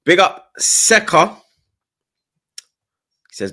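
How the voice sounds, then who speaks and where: A man with a very low voice, bantering on a football podcast in a slangy, laid-back way. He reads out viewer messages with a teasing edge. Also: very animated, unhurried, pauses often, a bit bright.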